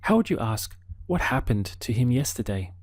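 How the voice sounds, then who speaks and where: A man teaching an audio language lesson, prompting the listener patiently and pausing for answers. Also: mid-range voice, sing-song, dry recording. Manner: slow, patient prompting with pauses for the learner.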